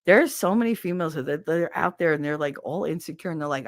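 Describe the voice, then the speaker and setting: A woman's voice: sits low, quick pace, no room sound, clean studio sound. A woman with a Southern accent hosting a casual podcast chat, talking frankly and profanely and laughing often. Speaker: podcast host.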